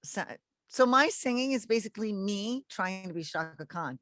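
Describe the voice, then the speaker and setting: A woman's voice: mid-range voice, expressive, moderate pace, a bit bright, no room sound. A woman from Canada, a singer and guest, chatting casually and laughing over a video call. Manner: laughing, chatty, self-deprecating.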